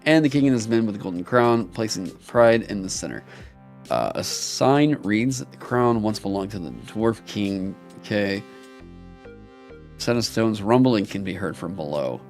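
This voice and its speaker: A young man on a live stream who reads game material aloud haltingly with many ums, then breaks into excited, swearing asides. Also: on the low side, soft background music. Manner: swears casually. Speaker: streamer critiquing game designs. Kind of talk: casual live-stream critique.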